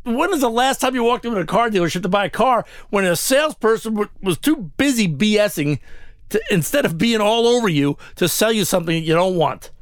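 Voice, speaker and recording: A man's voice: high-pitched, fairly quick, no room sound, studio quality. Indignant man ranting a story. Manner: animated, indignant, profane. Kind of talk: comic ranting anecdote.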